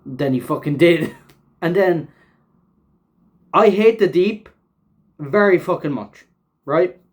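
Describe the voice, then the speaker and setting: A man with a slightly high voice hosts a casual reaction recap. He rambles from point to point, leaning on fillers and restarts and swearing freely. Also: lively intonation, slow. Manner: rambling, filler-heavy, swears often, laughs while talking. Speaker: show host reviewing an episode.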